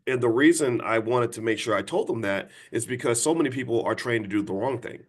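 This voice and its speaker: Speaking briskly in a mid-range voice, this fifty-something host runs a livestream talk to an audience. He comes across as blunt and insistent, repeatedly restarting and urging viewers to reply.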